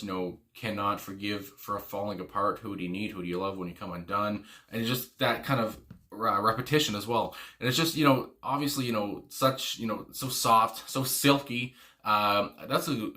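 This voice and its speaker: Speaking with a sharp tone in a voice on the low side, a man hosts a music reaction video. He rambles loosely, leans on "you know," and exclaims a lot, frequently saying "my God."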